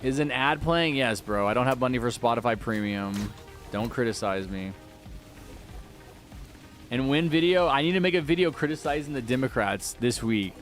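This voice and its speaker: A man's voice: medium pitch, expressive, normal speed, faint music behind. A man live-streaming a game, chatting casually and answering viewers' messages aloud.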